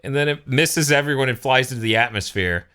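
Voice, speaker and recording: A man's voice: mid-range voice, animated, fairly quick, pushed and bright, clear, resonant tone. A man co-hosting a casual podcast, recapping an episode and acting out the characters' lines in goofy voices. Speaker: podcast co-host.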